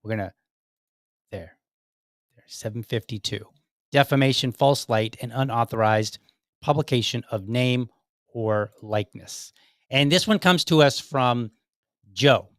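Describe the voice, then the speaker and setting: A man's voice: mid-range voice, measured pace, long pauses, fairly bright tone, no echo, studio quality. A middle-aged man hosting a political podcast in a casual, joking, rambling way, with self-mocking asides. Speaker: podcast host.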